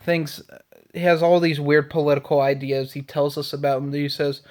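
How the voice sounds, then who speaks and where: A young man in his twenties vents on camera in an irritated, profane ramble. His voice sits a little high for a man, and he complains freely with constant swearing. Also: completely flat delivery, moderate pace, darkish tone. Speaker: vlogger. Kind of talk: casual ranting vlog.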